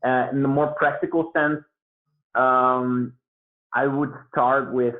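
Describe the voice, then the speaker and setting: A man of middling pitch speaks as a guest over a remote call. His talk rambles with loose fillers and restarts, and the sound is thin and phone-like. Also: little pitch movement, takes it slowly. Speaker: guest beatboxer. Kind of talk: casual interview talk. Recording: tinny phone-like line.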